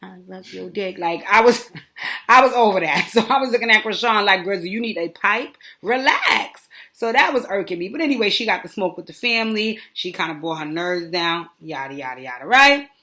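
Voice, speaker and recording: A woman giving a casual, gossipy recap commentary, animated and full of dismissive asides. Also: mid-range voice, a little fast. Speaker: reality show commentator.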